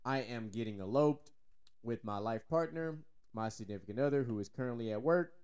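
A man's voice: medium pitch, lively intonation, brisk, a little mellow, smooth. A Texan man co-hosting a casual sports podcast, loose and joking, swearing freely. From Texas. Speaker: podcast co-host.

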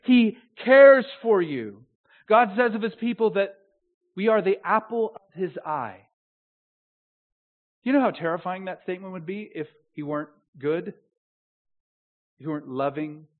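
A pastor preaches, shifting between quiet, intimate phrases and loud, drawn-out declarations. His voice sits fairly high for a man. The recording is narrow and tinny, like a phone line. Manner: swells to loud emphatic proclamation, drops to soft intimacy. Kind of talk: sermon.

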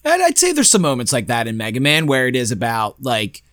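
A man's voice: medium pitch, wildly swooping pitch, fairly quick, fairly bright tone, no echo. A man co-hosting a casual podcast, talking conversationally, drifting mid-thought and slipping in dry jokes. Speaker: podcast co-host. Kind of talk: casual podcast chat about video games.

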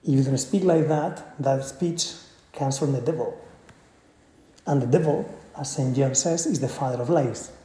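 A man's voice: mid-range voice, moderate pace, dark tone, slight background noise. A man giving a conversational spiritual talk, earnest, often checking in with his listeners. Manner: earnest, tags points with "right?". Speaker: spiritual speaker. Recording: echoey room.

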